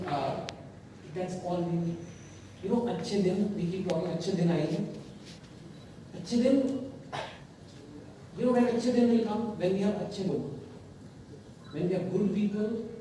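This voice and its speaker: A man speaks at a conference, animated and emphatic, breaking into casual asides. His voice sits high and mellow. It is picked up from a distance in a very echoey hall. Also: measured pace, long pauses, slight background noise. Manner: animated, rising to emphatic peaks, conversational asides. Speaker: author giving a talk. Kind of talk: conference speech.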